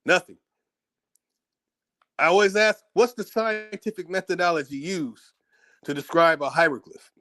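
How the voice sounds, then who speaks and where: A man's voice: high voice, fairly even intonation, unhurried, pauses often, pushed and bright. A man giving blunt, heated spoken commentary, firing off one rhetorical question after another and repeating them for emphasis. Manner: informal, blunt, with profanity. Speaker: speaker giving a monologue.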